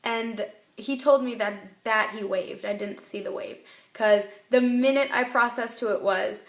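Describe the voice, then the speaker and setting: Tearful and crying, a teen girl vlogs about her breakup in a rambling, emotional way, her voice rising and cracking. The voice sounds a little high and unhurried, and the room is reverberant.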